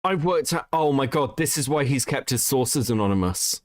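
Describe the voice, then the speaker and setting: A British man hosting a casual reaction podcast, emphatic and quick to swear. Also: medium pitch, lively intonation, no echo, clean studio sound. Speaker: podcast host.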